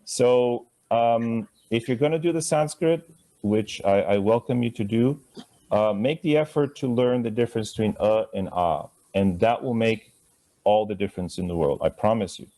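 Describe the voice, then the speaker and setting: A man's voice: fairly low pitch, normal speed, dark tone. Playful man teaching pronunciation to a class. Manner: conversational, drawing out words to model pronunciation; playful, chuckling asides. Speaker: Sanskrit teacher.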